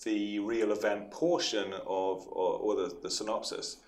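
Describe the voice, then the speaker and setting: A man's voice: on the low side, steady tone, measured pace, roomy sound. A man, a filmmaker guest, chatting in a podcast interview, rambling and enthusiastic with easy laughter, recorded in his studio space. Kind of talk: casual interview chat.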